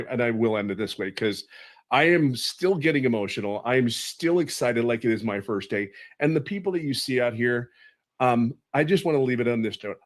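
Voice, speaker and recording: Fifties man, emotional webinar testimonial, urgent and sincere, repeats key phrases. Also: medium pitch. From California. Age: 50s. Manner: earnest, pleading, repeats phrases for emphasis.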